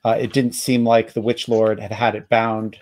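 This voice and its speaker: A man with a New Jersey accent, hosting a live tabletop game and recapping the story in a halting, self-correcting way with easy laughs. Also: lowish voice, level tone, a little mellow. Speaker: game master. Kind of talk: casual actual-play narration.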